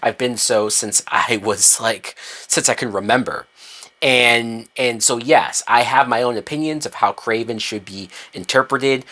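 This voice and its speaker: A man ranting in a movie review, heated and profane, with emphatic swings in pitch and loudness.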